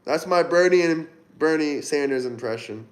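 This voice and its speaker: An upbeat man runs a casual livestream, reading out comments and tossing off quick shout-outs. His voice sits high for a man. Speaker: livestream host. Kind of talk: casual live-stream chat reading comments.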